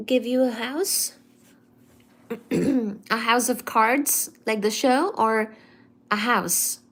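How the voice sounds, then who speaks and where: A woman hosting a casual live stream, reading viewer comments aloud and teasing back in a careful, clearly articulated way. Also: on the high side, drawn-out words, fairly bright tone. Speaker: livestream host.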